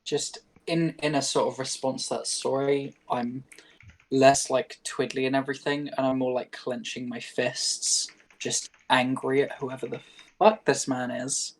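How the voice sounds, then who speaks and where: A man's voice: mid-range voice, level tone, measured pace, low-quality recording. A man playing in a tabletop game, talking plainly and with some heat as his character. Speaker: player. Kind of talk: tabletop role-play.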